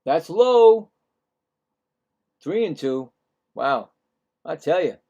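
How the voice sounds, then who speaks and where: Excitable man calling baseball play-by-play. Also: on the high side, lo-fi sound. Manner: excitable, jumps louder on big plays, chatty asides; acts out players' thoughts in quick asides. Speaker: play-by-play commentator. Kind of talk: live baseball play-by-play commentary.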